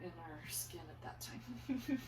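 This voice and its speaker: A woman's voice: lowish voice, animated, slow pace, noisy background. An older woman from eastern Idaho telling family stories in casual conversation, acting out her own panicked lines with animation. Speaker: interviewee, mother. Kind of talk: casual storytelling. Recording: roomy and distant.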